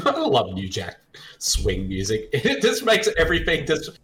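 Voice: medium pitch, huge pitch swings, measured pace, a bit bright, slight background noise. A podcast co-host chatting casually during a movie watch, giggling often and slipping into playful bits. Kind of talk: casual movie commentary chat.

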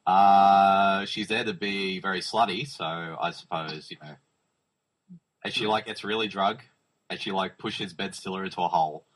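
Husky Australian man hosting a podcast. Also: sits low, fairly even intonation, moderate pace, fairly bright tone, rough recording. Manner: laughing, joking, introduces guests. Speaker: podcast host. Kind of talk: casual chat.

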